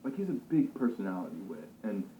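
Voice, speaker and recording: A male actor talking about his role in a casual interview, thoughtful and relaxed, with many fillers and restarts. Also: lowish voice, quick pace, a little hiss or hum. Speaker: actor discussing his character. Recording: slightly dull, roomy recording.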